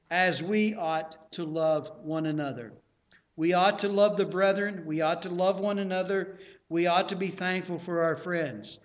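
Preacher guy, higher voice than most men, earnest and plain, repeats himself a lot. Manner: plain, earnest teaching with repetitions and restarts. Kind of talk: sermon.

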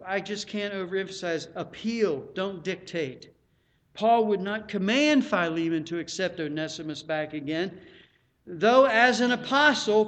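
Earnest high-voiced preaching man. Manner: earnest, pleading, rising to loud emphatic peaks. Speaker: pastor. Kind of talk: sermon.

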